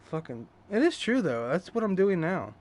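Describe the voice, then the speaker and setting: A man's voice: high-pitched, sing-song, moderate pace. A young man streaming a game, rambling candidly and swearing freely as he tells stories. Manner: rambling, profane, candid storytelling. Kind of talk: live gameplay commentary. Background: loud game music.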